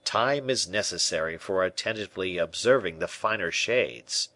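Man reading as a scheming bishop, low voice, measured and quiet, storybook. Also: dry recording. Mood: calm, scheming. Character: sly, smooth-talking male bishop and ex-musketeer.

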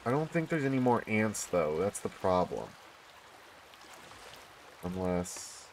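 Excitable man narrating his gameplay. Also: takes it slowly, long pauses, a little hiss or hum. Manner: excitable, bursts into high squeals of delight. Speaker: gaming YouTuber. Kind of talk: casual gameplay commentary.

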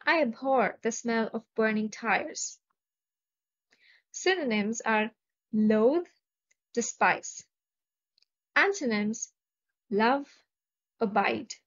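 A woman's voice: fairly high pitch, animated, very slow, long pauses, a bit bright. A woman with an Indian English accent teaching vocabulary, carefully pronouncing each word and reading example sentences. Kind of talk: slow, deliberate vocabulary lesson. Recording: dull lo-fi recording.

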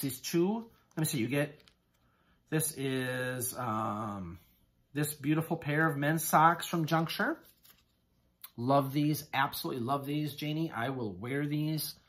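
Talk like a guy showing off a haul, overwhelmed and grateful, halting and starting over, everyday middle voice. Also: mid-range voice, a bit bright. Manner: effusive, gushing thanks with halting restarts. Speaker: haul vlogger. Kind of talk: casual haul video chat.

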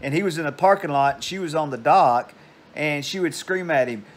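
An older man with a drawl tells a long, wandering story, often circling back with "so anyway." His voice sits a little on the high side for a man, and his delivery is casual and unhurried. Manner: meandering, digressive. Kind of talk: casual rambling anecdote.

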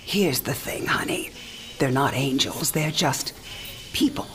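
A dying old mother speaks from her bed, low and breathy, often sinking to a whisper yet swinging widely in pitch as she teases. Her wry warmth carries through the frailty. A scene from a game cinematic. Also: animated, unhurried. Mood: gentle, wise. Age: older. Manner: wry, gently teasing. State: frail, near death. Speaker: elderly mother in a hospital bed.

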